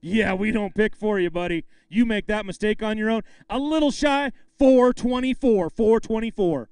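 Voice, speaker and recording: A man with a high, smooth voice emcees a fishing tournament weigh-in. He jokes with the anglers and shouts the weights out with excitement. The sound is close and dry. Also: normal speed, no echo. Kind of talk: live weigh-in announcing.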